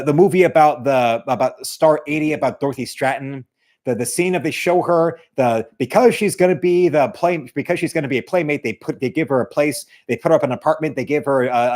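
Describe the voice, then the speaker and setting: A man's voice: mid-range voice, a little mellow. Rambling man streaming casually. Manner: rambling, many restarts, mocking asides. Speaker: art streamer, channel host. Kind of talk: casual livestream chat.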